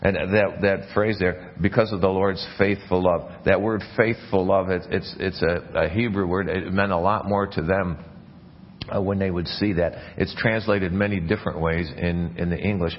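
A man's voice: sits low, steady tone, normal speed, dull audio. A man preaching a sermon as a pastor, earnest, often restarting and repeating words mid-phrase. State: coughing, something in his mouth. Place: church.

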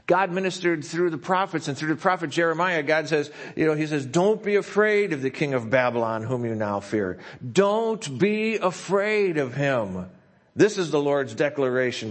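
A man with a slightly high voice preaches a sermon in a church. He slows down and drops to a softer tone whenever he reads scripture quotes. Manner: reads scripture quotes slowly and softly, asks if he talks too fast. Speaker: pastor.

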